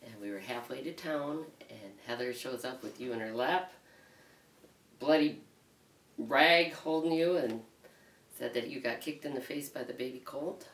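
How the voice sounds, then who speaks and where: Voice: medium pitch, a little slow, fairly bright tone. A family member plainly recounting an accident from years ago in a documentary interview. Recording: roomy, distant mic, faint background noise.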